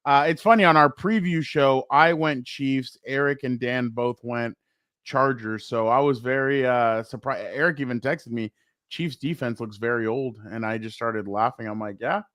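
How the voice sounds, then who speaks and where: Male co-host, casual sports talk, smooth resonant tone, dry close mic. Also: medium pitch, moderate pace, fairly bright tone, no echo. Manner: rambling, lots of fillers and laughs. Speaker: podcast co-host.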